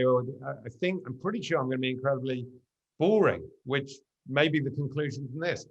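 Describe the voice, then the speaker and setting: A middle-aged man, a guest in a casual conversation, telling lively anecdotes. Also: medium pitch, fairly quick, muffled recording.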